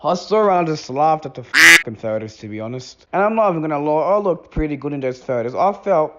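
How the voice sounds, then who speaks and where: A man's voice: a little high, animated, fairly quick, background noise. A man telling a rambling comic story about himself, swearing casually and repeating words as he goes. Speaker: animated storytime narrator. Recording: dull lo-fi recording.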